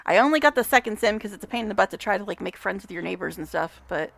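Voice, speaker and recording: A woman's voice: mid-range voice, lively intonation, racing, creaky. A woman giving casual gameplay commentary, chatty, talking to the game characters, swearing and laughing often. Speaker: gamer vlogger.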